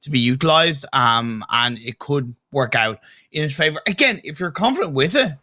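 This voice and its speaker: A man's voice: medium pitch, lively intonation, moderate pace, bright, forceful tone. A man with an Irish accent giving live esports colour commentary, chatty and analytical. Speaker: esports co-caster.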